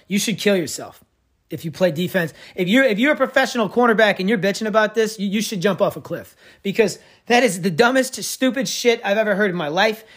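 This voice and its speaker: A man hosting a sports podcast, ranting in a sarcastic, profane, rambling way. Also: high voice. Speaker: podcast host. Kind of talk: casual sports podcast rant.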